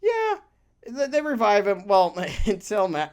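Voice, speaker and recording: A podcast co-host in casual chat, talking in a rambling, animated way, swearing casually and laughing often. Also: mid-range voice, unhurried, smooth.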